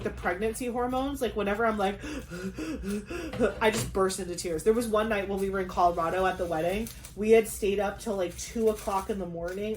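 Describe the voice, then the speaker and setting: A young woman chatting casually on her craft vlog, talking fast with lots of "like" and quick asides. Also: medium pitch, a little hiss or hum. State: pregnant. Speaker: craft vlogger. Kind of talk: casual chat.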